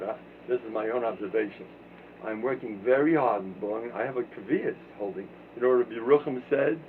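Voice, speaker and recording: A rabbi giving a humorous Torah talk, self-mocking and swinging from low mumbled asides to loud emphatic bursts. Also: male voice. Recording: distant, tinny phone-quality recording with background noise.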